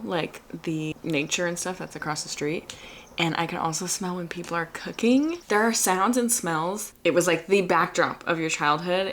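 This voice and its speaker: Young woman, home vlogger, lower pitch, earnest and chatty. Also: a bit bright. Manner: chatty, earnest, laughs often. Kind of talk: casual reflective vlog talk. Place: home by an open window.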